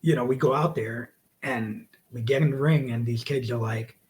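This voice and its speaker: Male wrestler, forties, from the United States: loose, profane, animated storyteller with a mid-range voice. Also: mid-range voice, moderate pace, rough recording. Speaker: wrestler guest. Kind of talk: casual storytelling interview.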